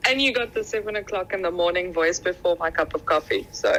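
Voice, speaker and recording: A woman's voice: on the low side, quick pace, a bit bright, rough recording. A woman in casual voice chat with her gaming team who giggles often between her remarks. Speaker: alliance teammate.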